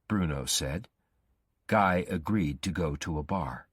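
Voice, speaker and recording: A man narrating a graded-reader story in a slow, careful reading. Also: very deep voice, fairly bright tone, breathy edge, no room sound, clean studio sound.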